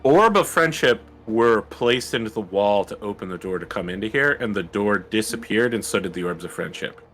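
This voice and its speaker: A man's voice: fairly low pitch, moderate pace, faint music behind. A man narrating as game master in a tabletop game session. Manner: easygoing, animated narration.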